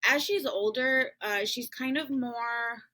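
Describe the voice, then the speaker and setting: A woman's voice: on the high side, takes it slowly, sharp tone, slight background noise, poor audio. A woman hosting a podcast, telling a personal family story in a casual, chatty way full of "um" and "like". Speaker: podcast host.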